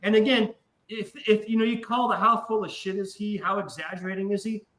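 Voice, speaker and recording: A man's voice: high voice, brisk, roomy sound, low-quality recording. A man casually telling a wild story, swearing often and acting out the voices of the people in it. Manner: animated, profane, acts out voices in his story. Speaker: podcast guest.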